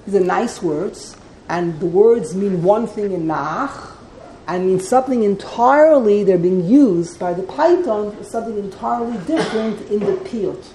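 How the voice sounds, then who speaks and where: A woman's voice: medium pitch, warm tone, a little hiss or hum, poor audio. A woman teaching a text study class, explaining and translating line by line and often wandering into side points.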